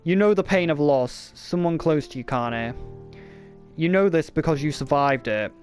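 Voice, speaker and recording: Guy putting on a gruff old granny voice, fierce and blunt, pitched up some, quiet music behind. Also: lively intonation, normal speed, lightly acted. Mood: stern tender. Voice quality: rough, rage-thick delivery.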